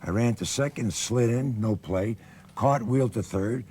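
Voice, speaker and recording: A man's voice: mid-range voice, a little slow, slight background noise. An older man, a former athlete and actor, telling stories in a conversation and acting out the voices of the people in them. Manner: animated, acts out quoted voices. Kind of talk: storytelling anecdotes in conversation.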